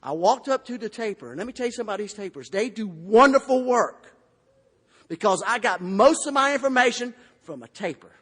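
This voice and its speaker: A man's voice: high voice, expressive, a little fast, fairly bright tone, slightly rough. A man with a Southern US accent from Florida, telling his recovery story in a folksy, humorous way at a convention podium. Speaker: AA convention speaker. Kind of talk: recovery testimony talk. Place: large convention hall. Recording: long hall reverb.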